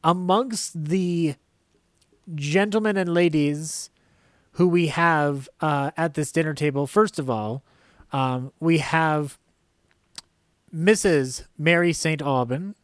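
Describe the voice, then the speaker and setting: A man co-hosting a casual film podcast, joking, laughing often and slipping into quick silly character voices. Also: on the high side, no room sound, clean studio sound. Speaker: podcast co-host.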